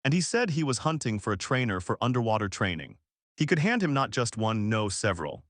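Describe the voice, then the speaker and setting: A man's voice: medium pitch, big pitch swings, brisk, fairly bright tone, no room sound, clean studio sound. A man narrating a story recap in a casual, punchy, slangy way, sometimes restarting a word.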